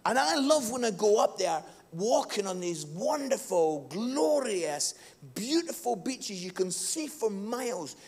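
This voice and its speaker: A middle-aged man preaches a sermon at a live church service. His voice sits high and carries a gravelly, fry-laden texture. He moves between quiet, intimate passages and impassioned shouting. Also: sing-song, unhurried. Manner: impassioned, swinging from hushed to shouting. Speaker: pastor.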